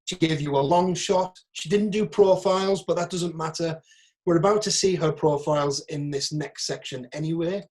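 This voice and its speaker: A man's voice: on the high side, normal speed, a little mellow. A man with a Northeast English accent, an acting agent, giving a frank, chatty online workshop over a video call and picking apart audition clips.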